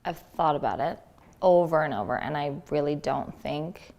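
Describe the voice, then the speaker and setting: Earnest woman giving a halting account. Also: low-pitched, lively intonation, darkish tone. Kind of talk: personal account in a vlog.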